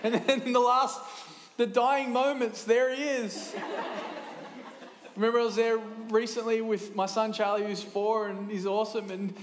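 A man in his thirties preaching a sermon in a lively, conversational way, with quick asides and restarts. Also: sits high, roomy sound, slight background noise. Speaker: pastor.

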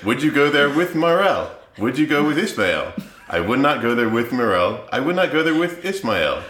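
A man's voice: medium pitch, sing-song, moderate pace, a bit bright, pitched above the performer's own voice. A man reading aloud a rhyming children's book in the voice of a villain, in a sing-song manner, with an echo around him. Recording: roomy echo.

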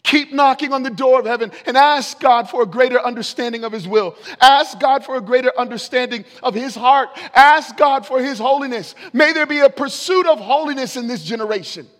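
A man preaching a sermon in a large sanctuary, fervent and building to forceful declarations. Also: very high-pitched, brisk, hardly any pauses. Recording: long reverb of a large hall.

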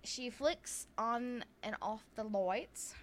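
In a fairly high, slow voice, a Southern-accented woman co-hosting a podcast casually recounts ghost stories. She's chatty, leans heavily on "like" and other fillers, and laughs a lot.

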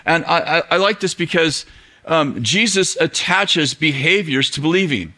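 Middle-aged guy preaching, lively storytelling sermon, bright tone, keeps laughing and putting on voices. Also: fairly high pitch, normal speed. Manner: animated, acts out quoted voices, laughs often. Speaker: pastor. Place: church auditorium with audience.

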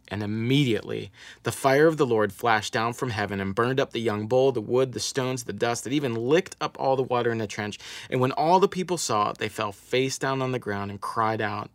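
A pastor preaching a Sunday sermon, retelling a scripture story and reading passages aloud with rising emphasis. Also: male voice, mid-range voice, animated, a little fast, a bit bright, dry recording.

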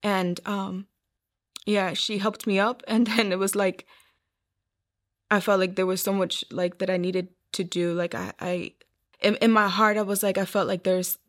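With a medium-pitched, level voice and a slightly slow pace, a young woman shares her testimony as an interview guest. She narrates earnestly, acting out other people's words.

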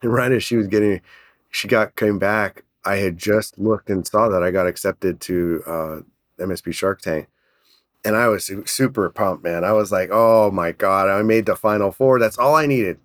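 A man telling a business story in an energetic, animated way, laughing often. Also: on the low side, moderate pace, dry recording, clean studio sound. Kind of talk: casual storytelling.

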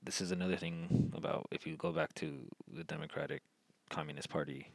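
A low-voiced man hosting a solo podcast, his voice gravelly and full of fry. He talks in a rambling way, circling back and restarting his sentences. The sound is dry and close. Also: sing-song, a little fast, no room sound, rough recording. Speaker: podcast host. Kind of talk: solo political podcast monologue.

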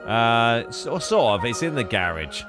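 A man on a casual podcast, retelling a film's plot with frequent laughs and quick comic voices for the characters. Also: medium pitch, big pitch swings, over music. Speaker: podcast co-host recapping a film.

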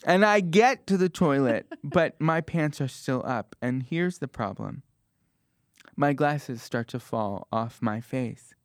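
A man in his twenties telling a comic story as a stand-up comedian, animated and self-mocking, with sudden jumps in pitch. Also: slow pace, dry recording, studio quality. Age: 20s.

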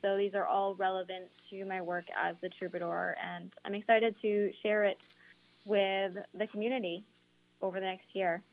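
A woman musician being interviewed on the radio, speaking earnestly and pausing with ums. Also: medium pitch, flat delivery, vocal fry, narrow, tinny audio. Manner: earnest, measured, with frequent ums. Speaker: guest musician.

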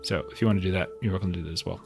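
A man's voice: low-pitched, fairly even intonation, racing, vocal fry, faint music behind. A man narrating as game master of a tabletop game, describing scenes in a loose, meandering way with many fillers.

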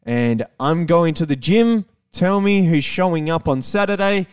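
An Australian man co-hosting a podcast, talking sport in a blunt, excitable way and swearing freely. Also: fairly high pitch, measured pace, smooth, no room sound, clean studio sound, recorded from a distance. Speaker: podcast co-host. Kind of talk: casual chat.

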